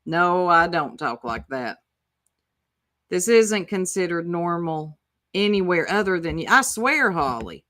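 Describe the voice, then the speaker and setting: A woman doing casual reaction commentary with a bright, forceful voice. She is sarcastic and swears freely, arguing back at the clips she plays as if the other person could hear. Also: lowish voice, big pitch swings, a little slow. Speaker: YouTube commentator.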